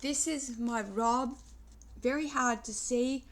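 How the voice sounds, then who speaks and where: Older lady in her 60s, high voice, talks slow and thoughtful, rambles a bit, vlog style. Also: steady tone. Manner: reflective, wandering speech with pauses and restarts. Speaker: vlogger. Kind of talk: reflective personal vlog.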